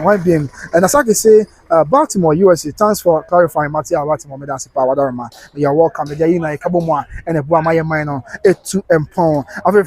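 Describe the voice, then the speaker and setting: A man's voice: a little high, a little mellow, slightly rough. A man with a Ghanaian accent hosting a live stream, chatting in a casual mix of English and Twi, reading viewer comments and breaking into snatches of song. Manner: chatty, breaks into singing snatches, laughs often.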